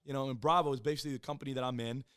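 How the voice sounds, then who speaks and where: A man in his thirties, a podcast guest, telling his own story in a casual, profane, animated way and acting out the people he quotes. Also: mid-range voice, very fast, clean tone, no room sound, studio quality. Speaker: podcast guest, former Marine and police officer.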